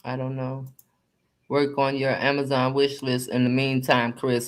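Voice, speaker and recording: A woman's voice: a bass voice, completely flat delivery, measured pace. A woman with a lilt holds court on a casual live stream. She gossips with sass, drawing out her words and tossing asides to her viewers. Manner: sassy, gossipy, drawling commentary. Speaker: host.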